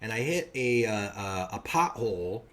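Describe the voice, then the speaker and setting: A man's voice: on the low side, animated, normal speed, fairly bright tone. A man co-hosting a podcast, telling a funny story in casual chat and acting out the other people's lines. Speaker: podcast co-host.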